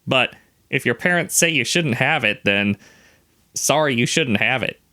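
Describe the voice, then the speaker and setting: A young adult man co-hosts a casual podcast chat. His voice is bright and forward at a middle pitch. He reacts to each story with wry, questioning remarks. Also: animated, measured pace. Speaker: podcast co-host.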